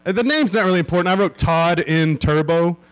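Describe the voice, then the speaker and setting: Deadpan rambling man at a live podcast. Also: a little high, a little fast, clean tone. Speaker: podcast guest. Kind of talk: comedic live podcast banter. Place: live show venue with an audience.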